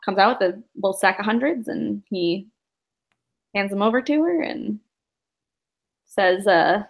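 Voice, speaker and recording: A woman's voice: mid-range voice, measured pace, creaky. A woman narrating a tabletop game as game master, in a casual, rambling way with many fillers and laughs.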